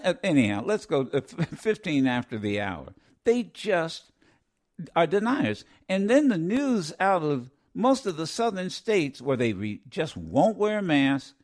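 A man hosting a live radio talk show, rambling with many fillers and restarts, blunt and opinionated. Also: sits high.

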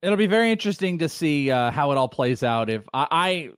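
A man co-hosting a sports talk show who laughs a lot and stumbles through fillers while telling a story. His voice is slightly high for a man and swings up and down with a lot of life. It sounds dry and close to the mic. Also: sing-song, fairly quick, smooth, no echo. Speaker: sports radio host. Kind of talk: casual sports talk banter.

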